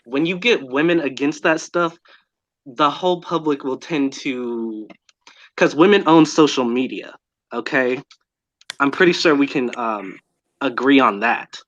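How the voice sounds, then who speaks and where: Halting man on a muffled line. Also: mid-range voice, fairly bright tone. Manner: halting, restarts often. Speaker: panel guest. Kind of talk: casual panel discussion. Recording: muffled lo-fi audio.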